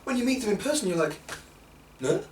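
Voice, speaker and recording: A male talk show host with a fairly high voice that swings up and down as he reacts. He chats casually with his guest, sitting away from the mic. The room echoes and a faint hiss sits underneath. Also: distant mic. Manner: animated, quick reactions. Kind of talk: casual chat.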